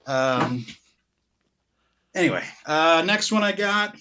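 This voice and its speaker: A man's voice: fairly high pitch, moderate pace, fairly bright tone, slight background noise. A man co-hosting a podcast, chatting casually about his purchases, rambling and breaking off mid-sentence with frequent laughs. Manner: rambling, self-interrupting, laughs often. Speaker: podcast co-host.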